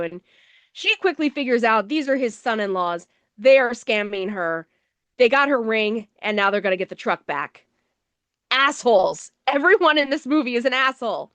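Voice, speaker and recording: A woman's voice: fairly high pitch, expressive, normal speed, fairly bright tone, dry recording. A woman co-hosting a movie review show, recapping the plot in a casual, wry, sarcastic way. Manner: sarcastic, wry, swears offhandedly.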